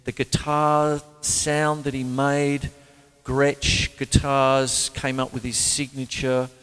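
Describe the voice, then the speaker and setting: A man's voice: mid-range voice, flat delivery, takes it slowly, fairly bright tone, clear, resonant tone. Chatty Australian man in a reverberant room. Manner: rambling and chatty, mimics guitar twangs with his voice. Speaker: drummer and show host. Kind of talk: casual chat about music, reading a biography aloud. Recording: room with long reverb tail.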